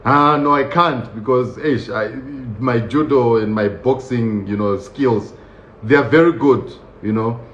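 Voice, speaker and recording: A man casually telling a story about his own experience, lively and laughing often, acting out the voices of the people in it. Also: medium pitch, unhurried. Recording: roomy, dull lo-fi sound with faint ambience.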